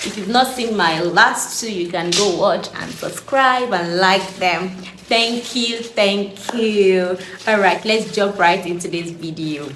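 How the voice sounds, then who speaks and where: A woman's voice: mid-range voice, slow. Giggly young woman doing a chatty faith vlog, lots of laughs, roomy echo, bit of hum. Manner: animated and giggly, laughing often. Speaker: faith vlogger. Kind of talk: casual devotional vlog. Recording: echoey room, faint background hum.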